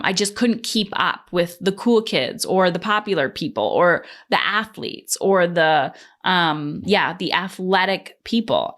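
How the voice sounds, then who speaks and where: A woman's voice: on the low side, fairly bright tone. A woman from Canada hosting a podcast, telling a personal story in a candid, casual way, swearing freely and acting out the voices of people she quotes. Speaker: podcast host.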